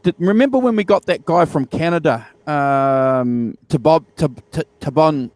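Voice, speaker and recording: A man's voice: a little high, moderate pace, a little mellow, dry recording. A man, co-hosting a casual album review chat, enthusiastic and repeating himself with many fillers. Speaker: podcast co-host.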